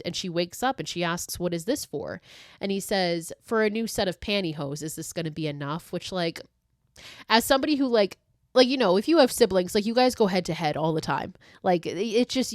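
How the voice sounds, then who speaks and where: A young woman recaps a horror film in loose, chatty podcast talk, swearing often and padding her sentences with fillers. Her voice sits a little low for a woman. The recording is dry and close, with no room sound. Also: no echo. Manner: chatty, swears freely, uses many fillers. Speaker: podcast host. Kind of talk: casual movie recap.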